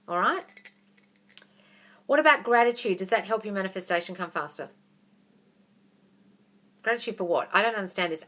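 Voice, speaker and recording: A woman's voice: mid-range voice, expressive, fast talker, sharp tone. A woman in her thirties with an Australian accent, answering viewer questions on a livestream in a blunt, profane way and calling listeners darling. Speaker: manifestation coach.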